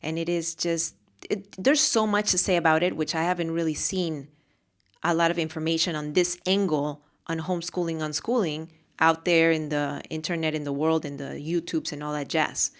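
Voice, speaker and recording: A woman's voice: sits low, fairly even intonation, normal speed. Passionate woman giving a motivational talk. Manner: passionate, repeats phrases for emphasis. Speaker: podcast host and mentor.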